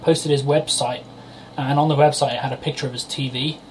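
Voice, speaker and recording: A man's voice: mid-range voice, steady tone, brisk, darkish tone, slight background noise, low-quality recording. A man, co-hosting a casual podcast chat, rambling and joking, swearing freely. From Europe. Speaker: podcast co-host.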